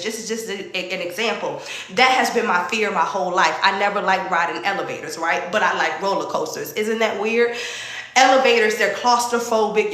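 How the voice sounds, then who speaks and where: A woman's voice: medium pitch, a bit bright, echoey room. A young woman giving an informal sermon as a faith coach, repeating her key phrases and checking in with her listeners with "right?" and "y'all". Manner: repetitive, call-and-response asides like "right?" and "y'all".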